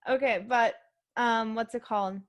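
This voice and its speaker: A woman's voice: on the high side, steady tone, normal speed, fairly bright tone. A young woman hosting a podcast, reviewing a movie in casual, rambling chat full of fillers. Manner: rambling, filler-heavy, emotional. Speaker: podcast host.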